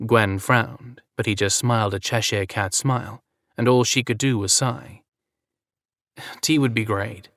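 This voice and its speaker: A man reading a romance story aloud as narrator in an even, measured way. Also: medium pitch, dry recording, studio quality.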